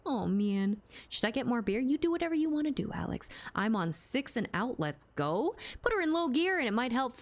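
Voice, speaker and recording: A woman livestreaming a game from a room at home, chatting playfully and answering her chat as she plays. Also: a little high. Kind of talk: casual live-stream chat while gaming. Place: home room with door closed. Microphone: streaming mic with compressor.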